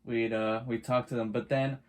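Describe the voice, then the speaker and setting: A man's voice: mid-range voice, level tone, normal speed. A young man co-hosting a podcast, chatting in an easygoing way, asking questions and laughing along. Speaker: podcast co-host. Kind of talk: casual chat.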